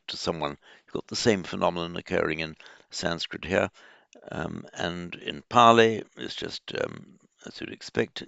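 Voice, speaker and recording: A man giving an informal lecture on Buddhist texts, explaining word roots slowly with many fillers and restarts. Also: low voice, vocal fry, fairly bright tone, no echo. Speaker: teacher of Pali and Buddhist texts. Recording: dull, muffled lo-fi sound.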